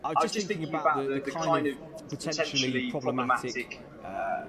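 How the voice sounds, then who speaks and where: A man presenting a boxing panel, brisk and informative. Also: mid-range voice, fairly bright tone, husky.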